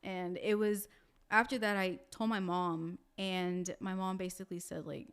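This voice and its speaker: A woman telling a personal story in a casual podcast chat, animated, with many fillers, acting out the voices of the people in it. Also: on the low side, a little slow, clear, resonant tone.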